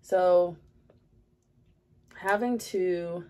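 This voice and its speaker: Girl vlogging at her makeup spot, lots of ums, kinda low voice, just talking it out. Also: extremely slow, mellow. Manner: rambling, many fillers, candid. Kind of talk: casual confessional chat. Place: home, at her makeup area.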